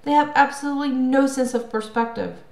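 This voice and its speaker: A woman's voice: high-pitched, steady tone, brisk, pitched above the performer's own voice, close to an everyday voice. A woman voicing a bored, sarcastic male wine god in an audiobook, drawling and scornful. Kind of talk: audiobook character voice. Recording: roomy echo.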